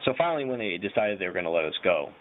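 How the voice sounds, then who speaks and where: A man's voice: low-pitched, big pitch swings, very fast. A young man casually telling a rambling personal story, full of slang and fillers. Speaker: vlogger. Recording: tinny phone-like audio with faint hiss.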